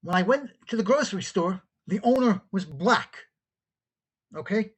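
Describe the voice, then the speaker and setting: A New York podcast host with a fairly high, husky voice that has a slightly rough edge retells a call-in exchange at normal speed. It's an opinionated solo monologue, and he acts out both sides, switching between his own voice and the people he quotes. He sounds animated and incredulous, full of disbelief.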